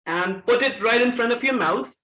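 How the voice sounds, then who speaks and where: Bright-voiced man. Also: very high voice, normal speed. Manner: energetic, coaxes the audience with questions. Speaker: speaker at a public-speaking club. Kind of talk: interactive pronunciation workshop. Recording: echoey meeting room.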